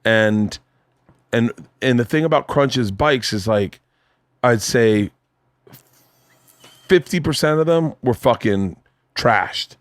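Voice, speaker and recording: A man in his forties hosts a podcast from a home studio, speaking slowly in a mid-range voice with long pauses and no echo. In casual conversation he tells an animated story, swearing plenty and acting out quotes.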